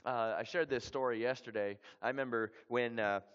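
A man from Canada telling a mission story as a sermon, an animated storyteller who acts out the people in it. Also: mid-range voice, normal speed. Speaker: missionary preacher. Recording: dull lo-fi sound with long hall reverb.

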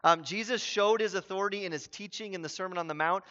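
A man preaching a sermon as a pastor, animated and building to emphatic exclamations. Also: high voice, fast talker, highs cut off.

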